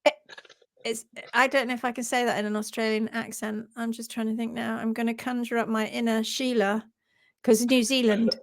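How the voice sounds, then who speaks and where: A woman's voice: a little high, little pitch movement, a little fast. A woman presenting a casual live stream on hoof care, chatty and giggly.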